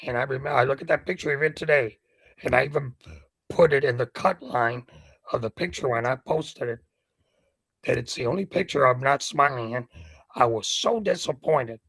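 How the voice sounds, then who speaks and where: Older man from Cuba, raspy, gravelly, dry close sound, lively storyteller. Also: medium pitch, moderate pace, no echo. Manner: animated anecdotes with acted quotes. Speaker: guest, ring announcer. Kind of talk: storytelling in an interview.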